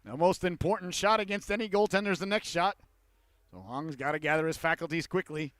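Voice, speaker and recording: A man calling a youth hockey game play-by-play, with rapid calls that rise to excited shouts on goals. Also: fairly high pitch, no echo. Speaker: play-by-play commentator.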